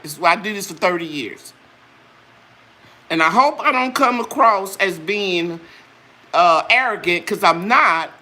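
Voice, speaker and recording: A woman's voice: medium pitch, pushed and bright. An older woman hosting a live chat, sharing a personal testimony with religious fervor before talking about her products. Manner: earnest, preachy, talks straight to viewers. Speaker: channel host selling her products.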